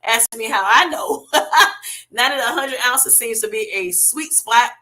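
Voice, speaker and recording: A woman's voice: on the high side, slow, bright, forceful tone. A middle-aged woman hosting a casual livestream, reading viewer comments and answering in an affectionate, chatty way. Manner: chatty, affectionate, calls viewers honey and baby.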